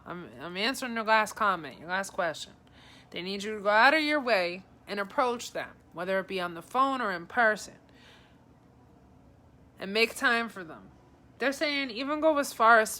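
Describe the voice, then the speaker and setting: A woman psychic talks through a live-streamed reading with a bright, clear tone. She is chatty and informal and keeps calling viewers by name as she relays messages. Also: fairly high pitch. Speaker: psychic advisor.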